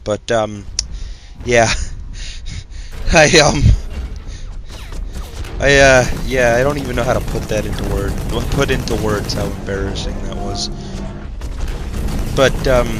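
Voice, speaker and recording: A man's voice: fairly low pitch, fairly bright tone, slight background noise. Rambling young man telling a story. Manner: hesitant, full of fillers and self-corrections, self-mocking. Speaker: channel host telling a story.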